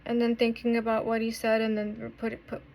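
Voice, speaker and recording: A woman in her twenties talking through a painful breakup in a confessional vlog, halting and swearing often, with many restarts. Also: fairly high pitch, completely flat delivery, gravelly, a little mellow, a little hiss or hum. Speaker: vlogger.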